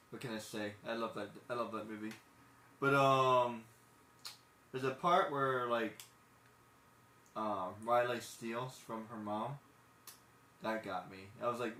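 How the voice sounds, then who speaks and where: A man's voice: medium pitch, fairly bright tone, slight background noise. A man streaming a game live, chatting in a rambling, earnest way and gushing openly about a film that moved him. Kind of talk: casual chat while playing a game live. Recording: roomy echo with faint background ambience.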